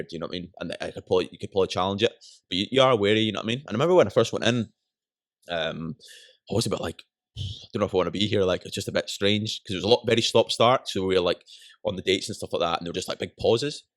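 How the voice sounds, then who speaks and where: A young man with a Scottish accent talks at a rapid clip in a low, deep voice. He rambles through his stories, tossing in "you know what I mean" again and again. The sound is close and dry, with no room around it. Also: dry recording. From Scotland. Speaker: podcast guest. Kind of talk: casual chat.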